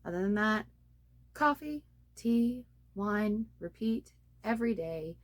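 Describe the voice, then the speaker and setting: A woman's voice: mid-range voice, lively intonation, takes it slowly. Chatty self-mocking young woman vlogger. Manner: self-deprecating, laughs at her own slips. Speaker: beginner podcaster and blogger. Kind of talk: casual talk to camera. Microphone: phone on a ring light tripod.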